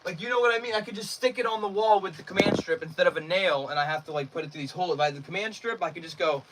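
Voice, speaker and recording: A man's voice: high-pitched, rapid-fire, noisy background. A nineteen-year-old man livestreaming from his bedroom, rambling casually and thanking viewers by name as he reads out chat.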